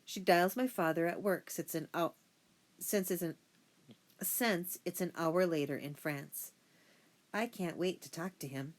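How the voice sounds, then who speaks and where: A woman narrating a first-person children's audiobook in a steady storytelling voice. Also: lowish voice, unhurried.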